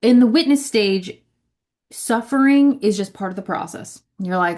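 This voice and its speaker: A woman who leads a ministry gives a casual spiritual teaching talk in a mid-range, darkish voice at a measured pace. She's chatty and conversational, repeating words, leaning on "like," and checking in with "right?" again and again.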